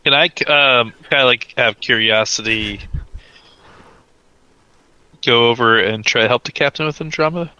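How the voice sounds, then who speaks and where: A man's voice: medium pitch, moderate pace, pauses often, bright, forceful tone, clear, resonant tone, no room sound, highs cut off. A man playing a tabletop roleplaying game, describing his character's actions in a rambling way with many "like" fillers. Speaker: player.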